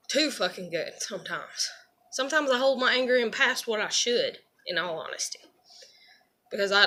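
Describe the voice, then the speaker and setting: A woman's voice: mid-range voice, pushed and bright. A woman venting in a rambling personal monologue, swearing heavily and leaning on fillers as she talks. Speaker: vlogger.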